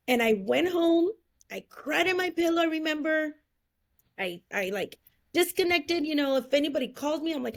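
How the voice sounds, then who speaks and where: A woman with a high, gravelly voice tells her story in a casual interview. She is animated and acts out the people she quotes. She laughs often along the way. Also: moderate pace. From California, USA. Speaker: interview guest.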